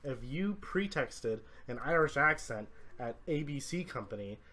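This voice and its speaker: Relaxed male podcast co-host. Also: medium pitch, unhurried. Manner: relaxed, agrees often, blunt. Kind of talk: casual podcast chat.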